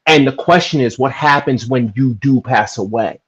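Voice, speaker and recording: A man from New Jersey talking earnestly and emphatically in a casual podcast chat, making his case with animated bursts. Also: mid-range voice, moderate pace, breathy edge. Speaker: podcast guest. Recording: dull lo-fi audio.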